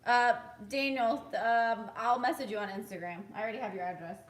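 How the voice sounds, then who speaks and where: A woman's voice: on the high side, fairly even intonation, a little fast. A woman co-hosting a casual chat, teasing and laughing in her banter. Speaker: co-host. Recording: echoey room, faint noise.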